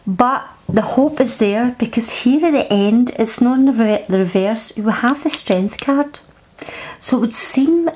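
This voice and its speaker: A woman's voice: medium pitch, a little mellow, low-quality recording. A woman with a Scottish accent giving a casual tarot card reading to camera, reassuring and often repeating and restarting her words. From Scotland.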